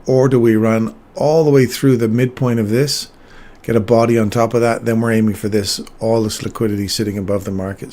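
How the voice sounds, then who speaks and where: This man, in his fifties, was born in England and raised in Canada, and his medium-pitched voice has a slightly mellow quality. As host of a live trading stream, he talks casually through chart movements and answers questions from chat.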